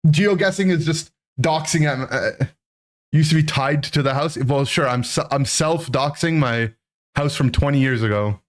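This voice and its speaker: A man in his thirties, a streamer, telling a childhood story to his chat in an animated, rambling way, full of "right?" and "like". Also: a little high, normal speed. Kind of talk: casual storytelling to a live chat.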